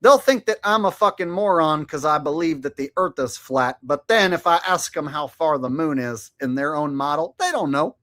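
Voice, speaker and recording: A man's voice: a little high, lively intonation, moderate pace, few pauses, fairly bright tone. A man hosting his own channel, giving profane, sarcastic commentary in a mocking, crude way with frequent laughter. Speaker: channel host.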